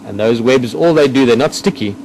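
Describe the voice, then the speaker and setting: A man's voice: mid-range voice, a little fast, darkish tone, poor audio. A man guiding a nature drive, describing what he sees in a thoughtful, hesitant way. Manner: thoughtful, hesitant, explaining as he looks. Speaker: nature guide. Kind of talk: casual on-location nature commentary. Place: outdoors in the bush near a vehicle. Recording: outdoor field recording with background noise.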